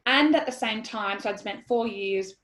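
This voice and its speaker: An Australian woman in her thirties telling a story in an interview, animated and blunt, quoting herself and swearing freely. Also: mid-range voice, normal speed. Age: 30s. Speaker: guest. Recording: roomy echoey sound.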